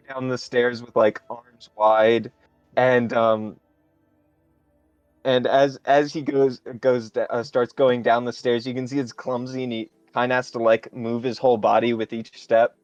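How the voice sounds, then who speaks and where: A man narrating a tabletop game as game master, describing scenes in a halting, improvised way. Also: mid-range voice, level tone, darkish tone, dry recording, highs cut off, faint music behind.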